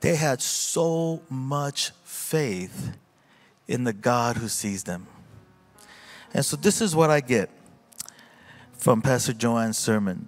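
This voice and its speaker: A man's voice: mid-range voice, expressive, takes it slowly, long pauses. A man pastor speaking informally at a church service, telling a heartfelt story with many fillers and restarts. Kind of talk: informal church testimony and reflection.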